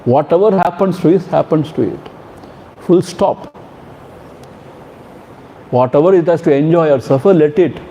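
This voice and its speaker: A man, a spiritual teacher, chanting Sanskrit verses slowly and explaining them in a gentle, fatherly way. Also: on the high side, a little hiss or hum, poor audio. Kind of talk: scripture commentary talk.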